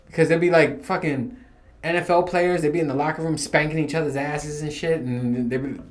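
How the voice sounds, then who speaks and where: Talking casually and briskly on a solo podcast, a man whose voice sits a bit higher than most men's keeps a steady tone. He rambles from one story to the next, swearing freely and often breaking into laughter.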